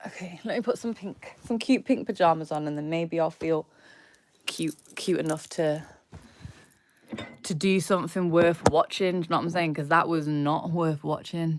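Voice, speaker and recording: A woman's voice: on the low side, moderate pace, no room sound. A woman in casual livestream chat from her bedroom, blunt and self-critical, swearing freely. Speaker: livestreamer and rapper.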